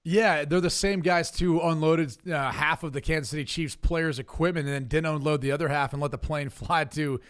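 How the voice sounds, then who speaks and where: A man's voice: fairly high pitch, steady tone, brisk, few pauses, fairly bright tone, clean tone. A man who is a former football quarterback, guesting on a sports podcast and bantering in a joking, easygoing way. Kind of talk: casual sports chat.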